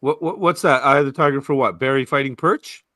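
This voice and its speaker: A man's voice: mid-range voice, brisk, sharp tone, dry recording, studio quality. A man co-hosting a live podcast stream, throwing in wry jokes. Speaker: podcast co-host. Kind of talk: casual live-stream banter.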